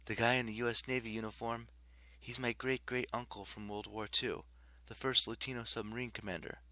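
A man reading an audiobook, voicing a serious young woman warrior demigod in a raised pitch. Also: flat delivery, brisk, sharp tone, no echo. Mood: earnest. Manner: raised pitch for a female role.

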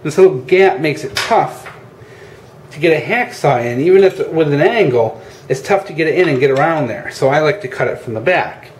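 A man's voice: fairly high pitch, lively intonation, moderate pace. A man hosting a casual how-to demonstration, chatty and informal, often calling viewers "guys" and using plenty of fillers, recorded outdoors. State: out of breath at times. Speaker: channel host. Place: outdoors at a workbench. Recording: echoey with faint ambient noise.

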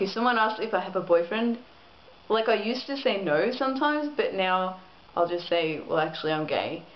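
A woman's voice: on the low side, dull audio. A woman vlogging in casual chat, talking openly with lots of "like" and "um" fillers and easy giggles. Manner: chatty, lots of likes and ums, giggly.

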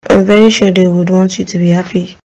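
A woman's voice: on the low side, flat delivery, fairly quick, warm tone, poor audio. A woman voicing a young woman who comforts her cousin soothingly in a cartoon drama. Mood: comforting. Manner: soothing, reassuring.

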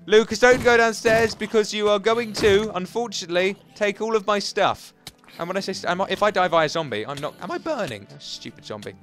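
A young man giving excitable, chatty, self-mocking commentary while playing a video game. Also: sits high, brisk, soft background music. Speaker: gaming channel host. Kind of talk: Let's Play commentary.

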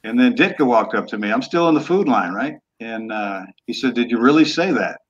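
A man's voice: mid-range voice, expressive, fairly quick. A man in his sixties, a former quarterback, telling stories in a laid-back, blunt way with casual cussing. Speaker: guest, former football quarterback. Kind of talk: casual storytelling interview. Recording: dull lo-fi remote audio.

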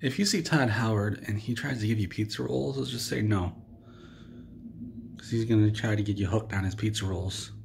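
A man telling an absurd in-character comedy story in a rambling, deadpan way, with frequent restarts. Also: fairly low pitch, moderate pace, gravelly, slight background noise. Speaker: comedy vlogger.

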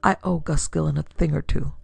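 A vindictive gangster boss from a pulp crime story, voiced by a woman narrator, gloating and menacing. The voice is gravelly and close, with a dry sound. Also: deep voice, fairly even intonation, a little fast, a little mellow, dry recording, exaggerated voice.

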